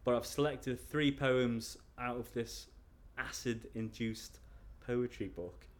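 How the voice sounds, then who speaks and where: A man's voice: medium pitch, fairly even intonation, slow pace. Hesitant, chuckling man in conversation. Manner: hesitant, restarts often, chuckles self-consciously. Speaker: interview guest. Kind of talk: casual interview chat.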